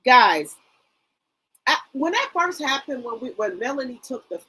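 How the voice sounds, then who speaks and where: On a poorly recorded livestream, a middle-aged woman reads viewer comments, greets people by name and chats casually, using lots of fillers. She speaks unhurriedly in a high, sharp voice with a breathy edge and big swings in pitch.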